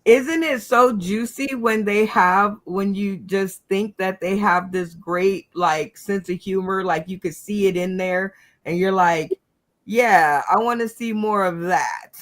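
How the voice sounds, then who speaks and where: Brief: unhurried, gushing game show host on a video call. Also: mid-range voice, fairly bright tone. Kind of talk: casual hosting.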